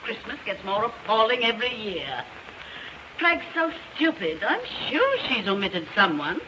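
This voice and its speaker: A haughty society matron. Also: female voice, on the high side, wildly swooping pitch, measured pace. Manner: haughty, dismissive. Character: haughty wealthy society mother, snobbish. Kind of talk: 1930s film acting. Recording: noisy old film soundtrack.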